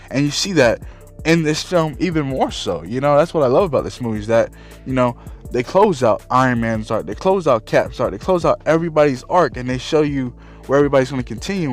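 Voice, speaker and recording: A man ranting about a film in a heated, rambling way, swearing often and filling gaps with "you know" and "like". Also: medium pitch. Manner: heated, profane, rambling with many fillers. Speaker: movie ranter. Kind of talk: casual unscripted rant.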